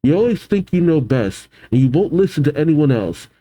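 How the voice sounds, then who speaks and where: A man's voice: on the high side, sing-song, fairly quick, warm tone. A man reading the lines of a scornful, defiant young woman warrior from a manga, in a lecturing tone.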